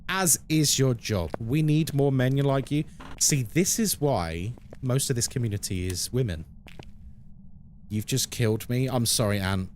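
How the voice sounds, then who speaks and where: A man's voice: medium pitch, lively intonation, a little slow, a little hiss or hum. A man in his thirties, a live-streamer casually chatting with his viewers and answering chat playfully. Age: 30s.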